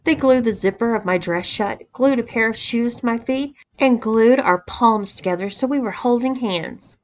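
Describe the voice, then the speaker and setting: A woman's voice: on the high side, normal speed, lightly acted. A woman reading the part of a sheepish young man recounting a story, matter-of-fact.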